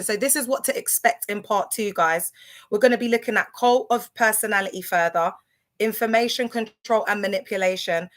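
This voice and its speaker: A woman hosts a casual livestream from her phone. Her voice is bright and sits at an average pitch. She talks in a loose, rambling way, full of fillers, and keeps addressing her viewers directly. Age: 30s. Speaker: livestream host. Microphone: phone camera on a social media livestream.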